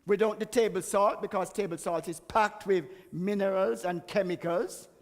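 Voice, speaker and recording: High-voiced man in echoey hall. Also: fairly even intonation, moderate pace. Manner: chatty, emphatic, laughs at himself. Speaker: guest speaker on health. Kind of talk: church health talk. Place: church hall.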